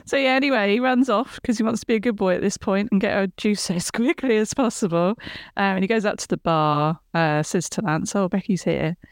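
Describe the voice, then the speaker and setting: A woman's voice: medium pitch, a little fast, no echo, clean studio sound. A woman chatting casually on a podcast, retelling a TV episode scene by scene. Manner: chatty, retelling scenes with laughs and quoted lines.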